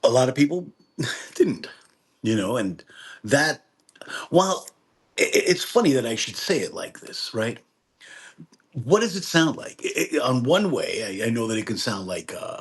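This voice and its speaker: A man's voice: medium pitch, big pitch swings, moderate pace, husky. A man hosting a live gratitude talk, rambling and casual, with frequent restarts. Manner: rambling, with many restarts and laughs. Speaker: host of a gratitude workshop.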